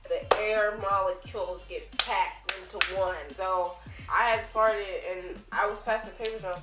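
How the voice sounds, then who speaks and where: Teenage girl, playful vlog chat, bright tone, echoey room. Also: fairly low pitch, distant mic. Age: teens. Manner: playful, teasing, giggly storytelling. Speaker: vlogger. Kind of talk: casual chat. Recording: roomy sound with faint music.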